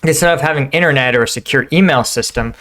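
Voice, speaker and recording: A man's voice: medium pitch, fast, fairly bright tone. A middle-aged man hosting a reaction video, talking casually and acting out quoted lines. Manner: conversational, says "right?" and "like" often, acts out quoted lines.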